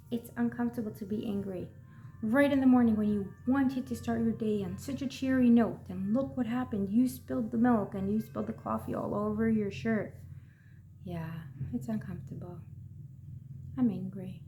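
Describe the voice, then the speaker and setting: A woman, an emotions coach, talking people through their feelings in a gentle, reflective way, asking rhetorical questions and at times sinking to a whisper. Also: medium pitch, normal speed, background noise.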